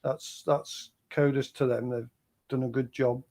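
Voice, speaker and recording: A man's voice: mid-range voice, fairly even intonation, measured pace, dark tone. A man with an English accent, chatting casually in an encouraging, plain-spoken way. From England. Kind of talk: casual chat.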